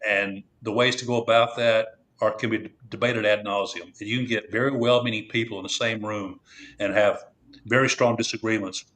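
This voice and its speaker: A man in his sixties with a lowish voice, talking as a podcast guest. He is measured and reflective, circles back on his words with fillers and restarts, and weighs each point before going on. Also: steady tone, fairly bright tone. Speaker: true crime channel creator, guest. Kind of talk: conversational podcast interview.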